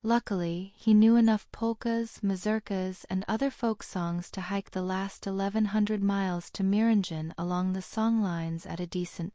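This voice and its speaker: Mellow-voiced woman reading an audiobook. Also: mid-range voice, no echo, clean studio sound. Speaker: audiobook narrator. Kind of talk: scripted narration.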